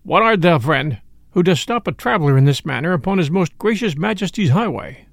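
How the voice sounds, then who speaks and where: A proud but poor knight, grave and sorrowful, as a male storyteller plays him, speaking in solemn, formal old-fashioned phrases. The voice is high and lively, with a gravelly texture in a dry, close sound. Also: a little fast, no room sound. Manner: solemn, formal archaic speech.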